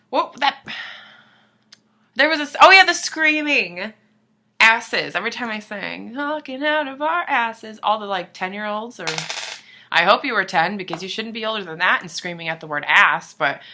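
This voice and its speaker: A young woman talks straight to camera in a loose, rambling vlog, swearing freely and apologizing in the next breath. Her voice is bright and fairly low for a woman, and she slips into quiet whispered asides. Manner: rambling, profane, self-deprecating, drops into whispers. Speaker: vlogger. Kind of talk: casual chat to camera.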